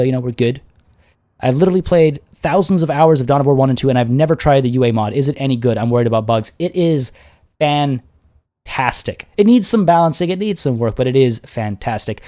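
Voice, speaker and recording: A man's voice: medium pitch, a little mellow. A young man casts a multiplayer strategy match on a livestream, chatting freely with his viewers. He reads their comments aloud, laughs often and keeps a loose, friendly flow of talk between the plays. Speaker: livestream host and game caster. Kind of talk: casual livestream chat and game commentary.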